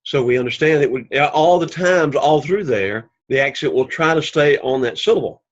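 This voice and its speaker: Man drilling Greek pronunciation slowly. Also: a little high, lively intonation, lo-fi sound. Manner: repeats each word slowly several times. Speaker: Greek teacher. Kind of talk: recorded language lesson.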